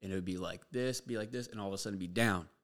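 A man's voice: sits low, fast, a bit bright. A young man hosting a podcast, giving a blunt, profane motivational monologue full of fillers. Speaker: podcast host.

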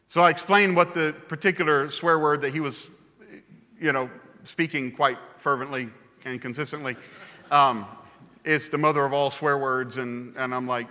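A pastor preaching a sermon, telling stories in an animated way and repeating phrases for emphasis. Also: male voice, fairly high pitch, moderate pace. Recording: long hall reverb.

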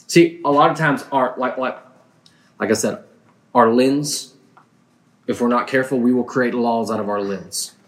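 An earnest male preacher delivers a sermon in a mid-pitched voice, neither high nor low. He speaks personally and often stumbles and restarts his phrases as he works through his thoughts. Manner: earnest, halting with frequent restarts.

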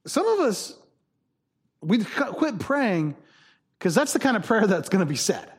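A man's voice: sits high, very animated, measured pace, breathy edge. A man preaching a sermon as pastor, conversational and jokey with emphatic stresses.

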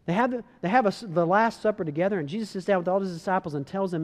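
A man preaching a casual, animated sermon, telling a story and acting out the voices. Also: high voice, very fast, big-room sound. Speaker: pastor.

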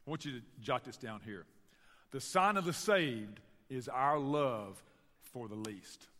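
A man with a Southern US accent from Tennessee, preaching a sermon and telling stories to his church in an animated way. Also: medium pitch, unhurried, long reverb tail. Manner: storytelling, animated, addresses the church directly. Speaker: pastor. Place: church sanctuary.

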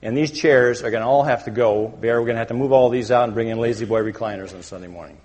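A man preaching a satirical sermon as a pastor, mock-pompous and deadpan self-important, speaking to a congregation in a church sanctuary. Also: mid-range voice, quick pace. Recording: long hall reverb.

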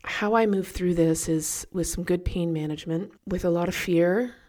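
A woman's voice: lowish voice, moderate pace. Chatty woman hosting a podcast. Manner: chatty, animated, laughs at herself. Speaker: podcast host. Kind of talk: casual podcast storytelling.

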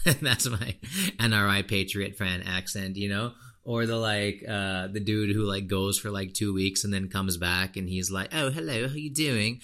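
A young man hosting a podcast, ranting casually in an animated, frustrated way with plenty of fillers. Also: on the low side, normal speed. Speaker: podcast host. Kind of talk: casual opinion rant.

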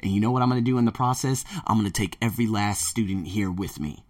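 A man hosting a casual monologue podcast as a language teacher working abroad, telling stories in an animated way and swearing freely. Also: on the low side, quick pace. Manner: animated storyteller who acts out his own quotes, swears freely. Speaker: podcast host.

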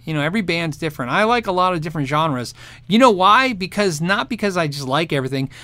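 A man hosting a casual livestream, reading viewer questions and answering with lively, rambling chatter and frequent laughs. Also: a little high, fast talker, no echo. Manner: animated, laughs often, rambling restarts.

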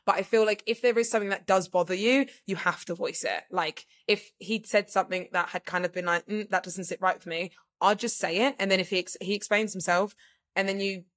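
A woman's voice: medium pitch, steady tone, brisk, a bit bright. A woman co-hosting a podcast, chatting casually and rambling with lots of fillers. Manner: rambling, filler-heavy, says "like" constantly. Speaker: podcast co-host. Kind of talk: casual chat.

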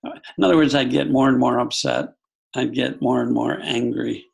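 A man's voice: mid-range voice, steady tone, moderate pace, vocal fry, husky. A middle-aged man, a guest, telling a personal story in an earnest, reflective conversational way, often restarting his sentences.

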